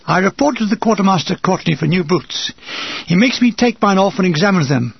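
An older man from England reading a war memoir aloud with a dry, wry comic delivery and a gravelly, husky voice. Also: high-pitched, animated, fairly quick, no room sound, highs cut off. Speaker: narrator.

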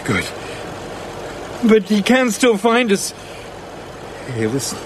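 A man's voice: animated, very slow, noisy background. An actor playing a terrified man in a taxi, frantic and fearful, in a radio drama. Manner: panicky, high and frantic. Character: terrified man fleeing a voice in a cab.

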